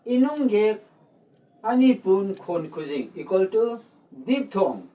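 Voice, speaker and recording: Slow teacher. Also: medium pitch, very animated, a little mellow, far from the mic. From Manipur, India. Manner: deliberate, repeats words, mixes in Manipuri phrases. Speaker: language teacher. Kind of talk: slow explanatory lesson.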